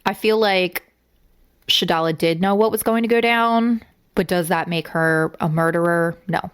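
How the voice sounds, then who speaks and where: A woman's voice: lowish voice, normal speed, clear, resonant tone. A young adult woman co-hosting a true-crime podcast, talking bluntly and with a lot of swearing as she gets emotional. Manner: blunt and profane, getting emotional. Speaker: podcast co-host.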